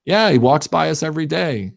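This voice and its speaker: A man's voice: on the high side, animated, brisk, gravelly, dry recording, clean studio sound. A man hosting a casual wrestling podcast, talking bluntly with strong opinions and casual swearing. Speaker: podcast host. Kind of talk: casual chat.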